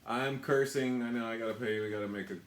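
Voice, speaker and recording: A man's voice: mid-range voice, fairly even intonation, fast, reverberant. A man from the United States, a tattoo artist, rambling and swearing as he shows supplies in his shop. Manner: rambling, self-deprecating, swears a lot. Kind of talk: casual product walkthrough.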